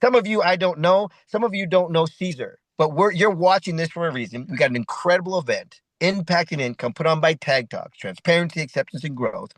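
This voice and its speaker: High-voiced motivational man, dry sound. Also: animated, fairly quick, few pauses, dry recording, low-quality recording. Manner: repetitive, preachy, full of 'right?' asides. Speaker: event host and speaker. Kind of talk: motivational talk.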